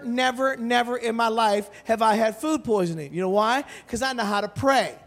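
A male pastor preaching in an animated, joking storytelling way, breaking into shouts and laughter. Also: extremely high pitch. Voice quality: bald. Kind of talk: humorous storytelling sermon.

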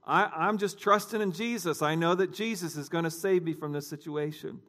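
A man's voice: fairly high pitch, normal speed, fairly bright tone, natural voice. A man voicing a stubborn stranded man adrift at sea who insists on refusing help. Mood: insistent.

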